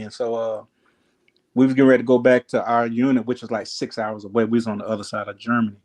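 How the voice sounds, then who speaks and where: A man's voice: mid-range voice, flat delivery, fast, a little mellow. A man telling a long story in casual chat, acting out voices and laughing often.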